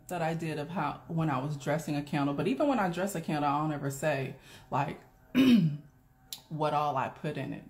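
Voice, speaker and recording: Woman on a live stream, swears a lot, laughs a ton, super chatty and blunt with her viewers. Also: deep voice. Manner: blunt, profane, laughs often; chatty, talks straight to viewers. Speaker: doula and live stream host. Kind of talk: casual live stream chat.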